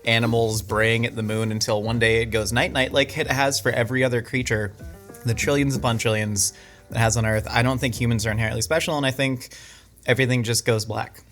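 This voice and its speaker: A man hosts a casual interview, joking playfully and then rambling into long musings. His voice sits at a medium pitch. Light music plays underneath. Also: steady tone, brisk, fairly bright tone. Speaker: host.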